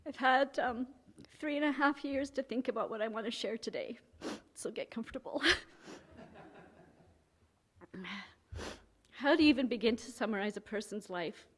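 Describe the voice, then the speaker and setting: High-voiced woman giving a eulogy. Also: a little fast. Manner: reflective, asking questions aloud. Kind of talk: eulogy at a memorial service. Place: funeral service hall.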